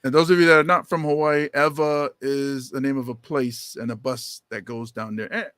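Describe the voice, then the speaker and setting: A man co-hosting a podcast in casual chat, animated, with quick asides and teasing jokes. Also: medium pitch, smooth, no echo, clean studio sound. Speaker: podcast co-host.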